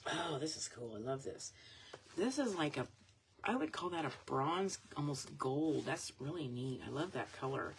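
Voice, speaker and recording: On a live stream, a woman who sells vintage goods online shows off her items, chatting and rambling as she thinks aloud in a low, expressive voice at normal speed. The rough recording carries loud background noise and the crinkle of packaging.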